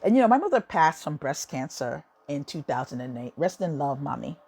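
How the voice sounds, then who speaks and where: A woman with a lowish voice hosts her own podcast from her home office. She talks in a loose, heartfelt monologue and gushes, repeating words for emphasis. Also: very animated, fairly quick, vocal fry, darkish tone, slightly rough. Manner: emotional, effusive, repeats words. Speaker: podcast host. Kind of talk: casual monologue.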